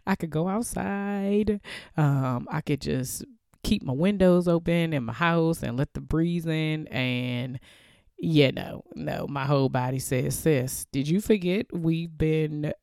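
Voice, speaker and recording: A woman's voice: deep voice, slow pace, gravelly, a little mellow, no room sound, studio quality. A woman podcast host, stuffed up from allergies, chatting casually and poking fun at herself. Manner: chatty and self-mocking, laughs at herself. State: congested from allergies.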